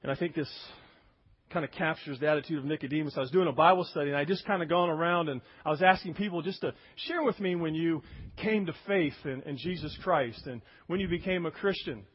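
A man's voice: a little high, a little fast, breathy edge, highs cut off. A man preaching a sermon, emphatic, acting out quoted voices as he goes. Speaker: pastor.

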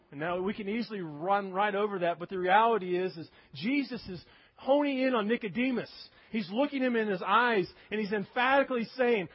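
A man's voice: high-pitched, moderate pace, breathy edge, lo-fi sound. A man preaching a sermon, emphatic, acting out quoted voices as he goes. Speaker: pastor.

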